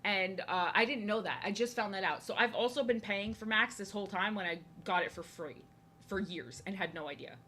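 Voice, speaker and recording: A young woman from New Jersey chats loosely while she draws on a stream. Her voice is bright and forward at a middle pitch. She rambles, circles back and says things twice. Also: a little fast, slight background noise. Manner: chatty, rambling, repeats herself. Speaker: art streamer. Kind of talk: casual chat while drawing.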